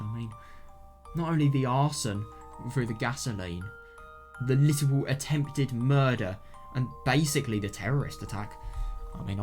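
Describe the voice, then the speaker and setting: A man reacting to a visual novel he is playing, bursting out with exclamations and the odd curse. His pitch sits in the middle of the male range. When he thinks aloud, he halts with fillers and restarts, and faint music plays underneath. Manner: exclamatory, repeating "no" and "oh my God" with swearing; halting with fillers and restarts when he talks things through. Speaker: let's play host.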